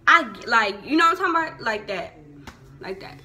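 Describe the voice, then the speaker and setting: A woman's voice: fairly high pitch, sing-song, normal speed, bright, forceful tone. A young woman from Houston with a Southern Houston accent, chatting casually about local slang in a vlog, laughing often and saying "like" a lot. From Houston, Texas. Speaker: vlogger.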